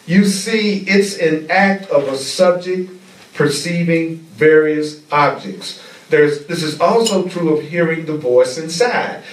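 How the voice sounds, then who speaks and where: A man teaches a spiritual class at an unhurried, deliberate pace, returning to key phrases for emphasis. His voice sits a little high for a man. It is picked up from a distance in an echoey room.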